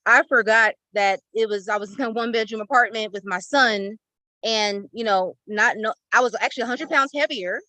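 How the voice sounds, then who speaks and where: A woman's voice: fairly high pitch, normal speed, sharp tone, no room sound, rough recording. A woman on a video call giving a heartfelt, tearful testimony of gratitude, effusive and emotional. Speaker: participant in an online class. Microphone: laptop or phone on a video call.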